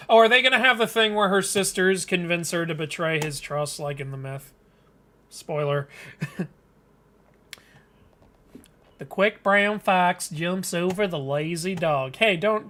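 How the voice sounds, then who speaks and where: A man's voice: sits high, fairly bright tone. A man hosting a live comic reading, chatting casually, joking and laughing often. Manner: chatty, laughs often, jokes about the story. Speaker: host reading a webcomic live. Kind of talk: casual live-stream commentary.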